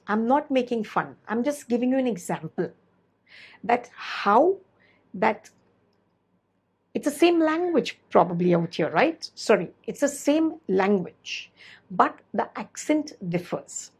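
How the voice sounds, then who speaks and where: A woman's voice: on the high side, sing-song, unhurried, husky, low-quality recording. A woman teacher giving a classroom lecture. She repeats her points, asks rhetorical questions and corrects herself as she goes.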